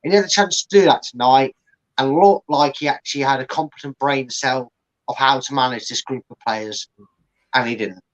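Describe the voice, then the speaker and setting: A man's voice: medium pitch, normal speed, low-quality recording. A man co-hosting a fan channel's post-match chat, ranting about the team and acting out the manager and players. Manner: ranting, acts out the manager and players in little put-on voices. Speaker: co-host and fan pundit.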